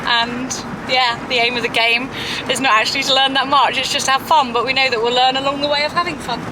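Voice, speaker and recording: A woman's voice: high-pitched, fairly even intonation, fast talker. A young woman chatting casually in a vlog, bubbly and giggly, recorded outdoors. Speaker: vlogger. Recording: outdoor noise with passing vehicles.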